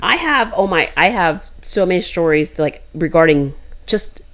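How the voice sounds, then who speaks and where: A woman co-hosting a casual chat, telling stories in animated bursts and quoting other people. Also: fairly low pitch. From United States. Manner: animated storyteller, quick bursts, quotes others. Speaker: co-host.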